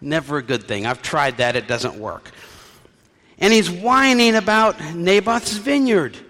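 A man's voice: on the high side, expressive, unhurried, fairly bright tone, in a large hall. A male pastor preaching a sermon in a conversational storytelling way with wry asides.

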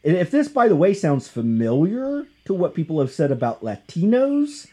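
A man hosting a casual talk show, discussing comics and history in an animated, conversational way. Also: moderate pace. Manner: animated, conversational, jumps in pitch for emphasis. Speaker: podcast host.

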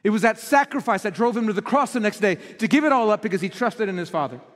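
A man's voice: sits high, animated, quick pace, a bit bright, big-room sound. A man preaching a sermon as pastor, talking earnestly to his congregation and asking rhetorical questions. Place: church auditorium.

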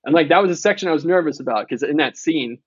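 A man's voice: on the high side, animated, quick pace, breathy edge, dry recording, lo-fi sound. A man in his thirties, an author and podcast guest, telling candid stories in a casual conversation, with frequent profanity and quoted dialogue.

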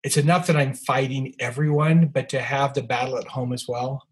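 A middle-aged man, an author and guest, telling a story in a casual interview, halting with many fillers and soft trailing asides. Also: mid-range voice, fairly even intonation, slightly rough.

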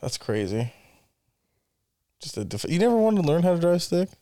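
A man's voice: a little high, very animated, a little fast, mellow, no echo, studio quality. A man co-hosting a casual podcast chat, telling rambling, profane stories and laughing often. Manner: laughing storyteller, swears a lot. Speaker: podcast co-host.

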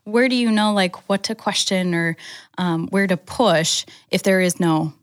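A woman's voice: lowish voice, a little slow, dry recording. Lady co-host chatting about faith, lots of ums, dry close mic. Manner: agreeable, hesitant, fillers like "um" and "like". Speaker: church podcast co-host. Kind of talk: casual chat.

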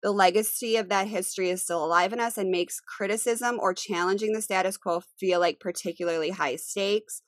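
A woman's voice: mid-range voice, fairly even intonation, fairly quick, hardly any pauses, no room sound. A woman in her thirties co-hosting a podcast, chatting casually and acting out quotes with animation. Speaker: podcast co-host. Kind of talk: casual chat.

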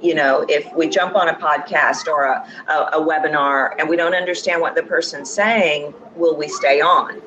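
A woman's voice: sits low, steady tone, normal speed, few pauses, muffled recording. A woman accent coach explaining her views as a podcast guest, confident and emphatic. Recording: audible background noise.

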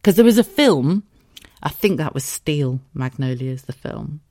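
A woman, hoarse from tonsillitis, hosting a casual solo podcast. She rambles, swears freely and laughs often. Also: sits low, expressive, unhurried, dark tone, no echo, clean studio sound. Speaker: podcast host.

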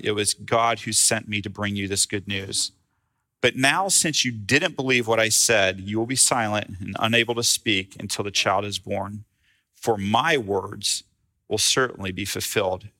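Gabriel, a man doing a gentle low-voiced angel. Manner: gentle, slow, lowered voice. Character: gentle male angel messenger, calm and solemn.

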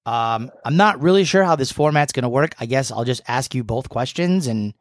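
A man's voice: medium pitch, animated, normal speed, no echo. Teasing New England man, dry sound. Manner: joking, teasing, swears freely. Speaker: podcast co-host. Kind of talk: casual chat.

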